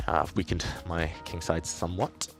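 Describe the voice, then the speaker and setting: A man with a low, deep voice talks through his chess moves on a live stream. He thinks aloud, chats easily with his viewers and pokes fun at himself. Soft music plays faintly behind him. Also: little pitch movement, normal speed. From southeast England. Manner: thinks aloud, self-deprecating, chatty with viewers. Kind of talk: casual live-stream commentary while playing.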